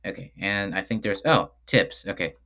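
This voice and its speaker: A man's voice: fairly low pitch, normal speed, pushed and bright. A man giving casual screen-share commentary on his own game, rambling and often correcting himself mid-sentence. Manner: rambling, frequent self-corrections. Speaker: game developer.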